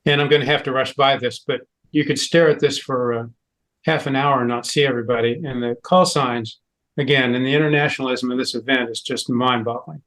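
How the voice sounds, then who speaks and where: A man's voice: mid-range voice, steady tone, a little fast, fairly bright tone, low-quality recording. Enthusiastic man giving a club slide talk. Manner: enthusiastic storyteller with frequent "uh" fillers. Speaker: club presenter.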